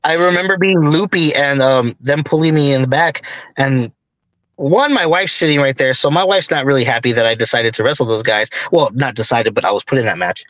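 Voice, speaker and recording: A man being interviewed as a wrestler, telling stories in a casual, animated way and laughing often. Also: mid-range voice, fairly quick, no echo, poor audio. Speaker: wrestler, guest.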